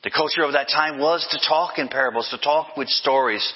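Older male pastor, emphatic sermon delivery with refrains; husky tone, muffled hall recording. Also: fairly high pitch, a little fast. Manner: emphatic, with repeated refrains and self-corrections.

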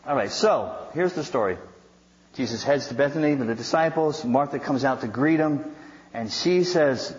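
A man's voice: medium pitch, lively intonation, moderate pace. A male pastor preaching a sermon, retelling scripture in a conversational, storytelling way with wry asides. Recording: dull sound with long hall reverb.

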